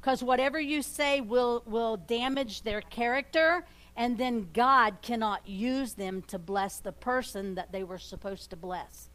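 Church lady telling stories, keeps restarting, kinda high voice. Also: a bit bright. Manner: halting, restarts, tells personal anecdotes. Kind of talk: sermon conversation.

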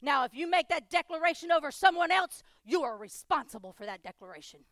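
Woman pastor, high voice, emphatic sermon, repeated declarations, loud then hushed, dry close sound. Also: very animated, brisk, no echo.

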